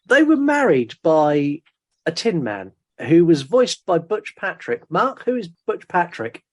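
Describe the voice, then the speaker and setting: A man's voice: on the high side, sing-song, measured pace. A man hosting a podcast, recapping a film plot in casual chat and laughing often. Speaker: podcast host.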